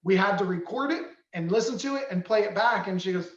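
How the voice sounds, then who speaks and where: A man teaching real estate agents about tone of voice, animated and acting out examples. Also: sits high, fast talker, hardly any pauses, echoey room, dull audio. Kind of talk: coaching talk with examples.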